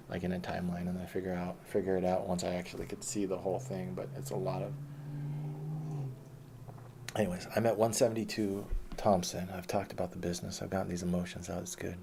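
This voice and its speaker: A man's voice: sits low, vocal fry, mellow, slight background noise. A man telling his life story in a rambling, profane, casual monologue.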